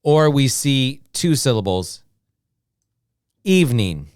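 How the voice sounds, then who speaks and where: An American man teaching beginner English, saying each word slowly and clearly, then repeating it. His pitch moves a lot as he models the words. The sound is smooth and dry, recorded close up. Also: very animated, dry recording. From United States. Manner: drills words slowly, repeating each one with many "okay"s. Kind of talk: slow, repetitive beginner English lesson.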